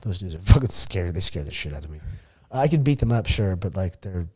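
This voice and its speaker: A man talking casually as a podcast guest, telling a story with lots of swearing and sudden jumps in pitch and volume. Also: fast, slightly rough. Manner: profane, animated, acts out quotes with big pitch and volume swings. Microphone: studio podcast mic.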